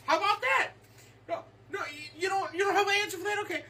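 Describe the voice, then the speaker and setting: A woman voicing a suspicious, sarcastic tax auditor grilling a client. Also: quick pace. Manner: sarcastic, interrogating, lower than usual. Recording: distant mic with noise.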